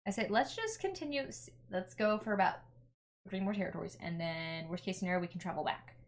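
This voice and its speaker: A woman's voice: mid-range voice, normal speed. A woman playing a tabletop game, playful and joking as she makes her moves. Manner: playful, jokey, animated. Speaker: player.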